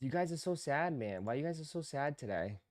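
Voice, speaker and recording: A man's voice: on the high side, animated, fairly quick, a little mellow, no room sound, clean studio sound. A man hosting a sneaker live stream, chatting casually with viewers in a laid-back, teasing, slangy way.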